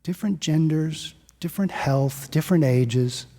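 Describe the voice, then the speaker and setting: A man preaching a sermon as pastor, telling stories in a conversational, lively way. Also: on the high side, normal speed. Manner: storytelling, conversational and animated. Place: church sanctuary. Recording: long church reverb.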